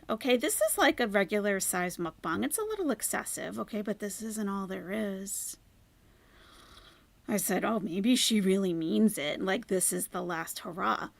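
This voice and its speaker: A woman with a gravelly, creaky voice hosts a reaction commentary, sarcastic and critical. She sometimes drops into hushed asides, and her voice sounds dry and close. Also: mid-range voice, no room sound. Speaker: commentary channel host.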